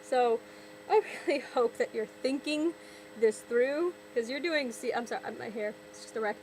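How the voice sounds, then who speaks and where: A woman's voice: on the high side, moderate pace, a little mellow, slight background noise, rough recording. A young woman vlogger ranting sarcastically, exasperated, often repeating and restarting her words. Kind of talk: ranting vlog commentary.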